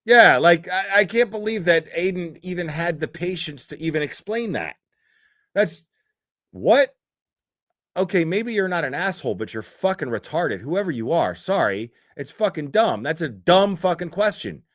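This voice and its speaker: A man's voice: on the high side, sing-song, moderate pace, dry recording, clean studio sound. A man giving a profane, exasperated reaction commentary, reading posts aloud and mocking them. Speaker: commentary streamer.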